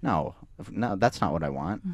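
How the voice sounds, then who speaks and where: A young man, co-hosting a podcast and telling a story in a halting, self-deprecating way. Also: low voice, animated. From Canada. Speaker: podcast co-host. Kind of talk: casual storytelling chat.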